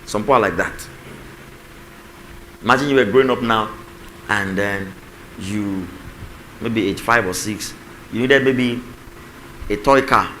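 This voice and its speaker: Forceful low-voiced man preaching. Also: unhurried, pauses often, slight background noise, low-quality recording. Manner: preachy, acts out spouses' lines, calls on the congregation. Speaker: pastor. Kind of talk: sermon on marriage communication. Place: church.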